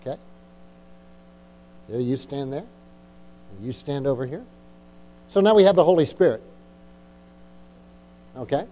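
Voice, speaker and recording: A man's voice: mid-range voice, expressive, a little slow, pauses often, mellow. A middle-aged male pastor preaching a sermon in church, exhorting and repeating himself, often asking the congregation "Amen?". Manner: repetitive, exhorting, frequent "Amen?" and "Come on".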